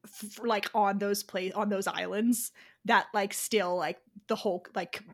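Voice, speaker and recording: A woman's voice: mid-range voice, steady tone, measured pace, a bit bright. A young woman co-hosting a podcast in casual chat, rambling with many restarts. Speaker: podcast co-host.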